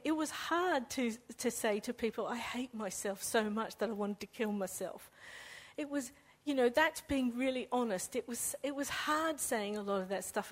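Woman, slightly high voice, earnest faith testimony with halting restarts. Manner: earnest, halting, often repeats words as she restarts. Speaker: speaker sharing a faith testimony. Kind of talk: personal testimony talk.

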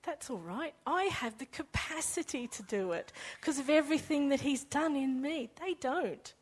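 Woman, slightly high voice, earnest faith testimony with halting restarts. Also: animated. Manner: earnest, halting, often repeats words as she restarts. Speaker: speaker sharing a faith testimony. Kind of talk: personal testimony talk.

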